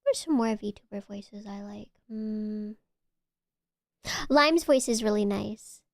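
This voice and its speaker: A woman's voice: medium pitch, slow pace, gravelly, no echo, clean studio sound. A woman streamer chatting casually with her viewers, gushing and often stumbling over her words. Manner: chatty, stammering restarts, gushing. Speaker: VTuber streamer. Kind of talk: casual chat with live chat.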